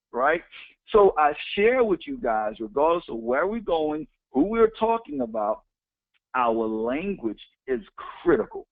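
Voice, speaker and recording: A man with a somewhat high, gravelly voice gives a motivational talk. He is emphatic, with a lively, swooping delivery, and he repeats his key phrases and counts off his points one by one. The sound is thin and tinny, like a phone line. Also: dry recording. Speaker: motivational speaker.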